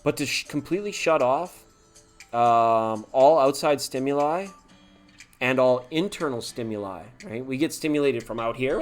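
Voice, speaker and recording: Man, live tarot stream host, casual chatty talk, laughs a lot, mid-pitched voice. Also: moderate pace, soft background music. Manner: chatty, laughing, talks to viewers by name.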